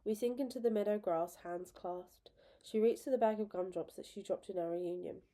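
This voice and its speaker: A woman reading a story aloud with expressive, emotional narration. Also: mid-range voice, moderate pace. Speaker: reader.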